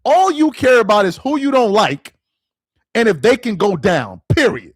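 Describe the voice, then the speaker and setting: High-voiced man in an exasperated rant. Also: very animated, moderate pace, husky, no room sound. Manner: exasperated, repeats phrases for emphasis. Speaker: sports commentary channel host. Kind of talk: ranting commentary to camera.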